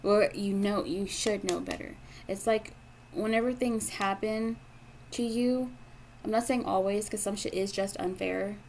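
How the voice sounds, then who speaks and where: A young woman delivers a tarot reading in a frank, profane, emphatic way, circling back to the same points again and again. Her voice sits at a middle pitch, with a faint hiss of noise behind it. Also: fairly even intonation, a little slow, darkish tone. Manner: blunt, profane, emphatic, with lots of repetition. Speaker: tarot reader.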